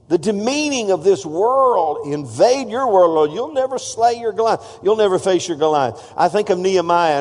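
Animated high-voiced preacher. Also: male voice, in a large hall. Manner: animated, exhorting the congregation with call-outs. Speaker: pastor. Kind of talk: sermon.

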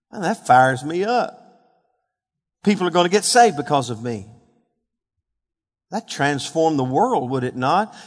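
A man preaching a sermon, fervent, building to shouted peaks and asking the congregation questions. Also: on the high side. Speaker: pastor. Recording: long hall reverb.

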